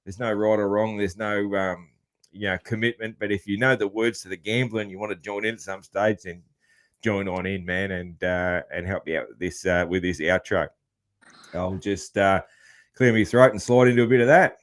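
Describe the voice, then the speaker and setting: A man's voice: lowish voice, fairly even intonation, moderate pace. A man with an Australian accent hosting a casual podcast interview, laid-back and rambling. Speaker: podcast host.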